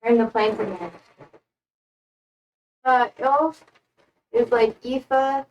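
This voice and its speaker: Rambling high-voiced American woman streaming. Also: very slow, recorded from a distance, highs cut off, slight background noise. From United States. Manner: rambling, self-deprecating, playful. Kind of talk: casual chat while repotting plants.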